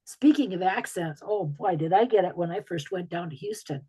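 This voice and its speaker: A woman's voice: on the low side, brisk, mellow, breathy edge, rough recording. Chatty woman with an Upper Peninsula accent. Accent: Upper Peninsula Michigan. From Michigan's Upper Peninsula. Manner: chatty storytelling with frequent ums. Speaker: author guest. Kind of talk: casual talk in a video call Q&A.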